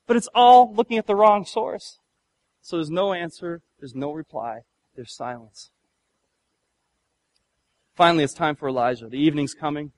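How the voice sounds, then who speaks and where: A man with a fairly high voice delivers a sermon as a pastor. He retells a Bible story with humor, playful asides and acted-out bits. His delivery is lively and conversational. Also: normal speed, long pauses, no room sound.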